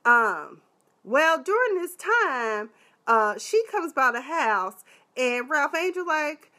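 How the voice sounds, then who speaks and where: A woman reviewing a TV episode in a casual live chat, animated and sassy, with lots of exclamations. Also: high voice, slow pace. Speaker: TV show reviewer.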